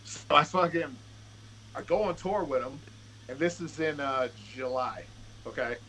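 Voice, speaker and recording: Bright-voiced man swearing through a story. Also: fairly high pitch, unhurried, slight background noise, low-quality recording. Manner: profane, animated, acts out quotes. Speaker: podcast guest, rapper. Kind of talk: casual storytelling.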